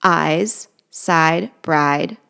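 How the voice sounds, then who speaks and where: A woman English teacher narrating a lesson over slides, explaining clearly and patiently. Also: sits low, drawn-out words, pushed and bright.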